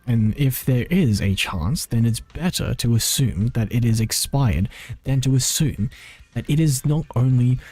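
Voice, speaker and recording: A man's voice: medium pitch, darkish tone, no room sound. A man streaming and chatting casually, rambling with lots of "like" and frequent self-corrections. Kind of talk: casual live-stream chat.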